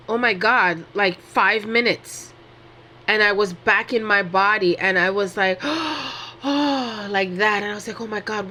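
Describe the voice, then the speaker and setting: A woman's voice: mid-range voice, pushed and bright, slight background noise. A woman giving a casual spiritual talk in a heartfelt, rambling way, full of fillers and restarts, with sudden jumps in her voice. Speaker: spiritual teacher.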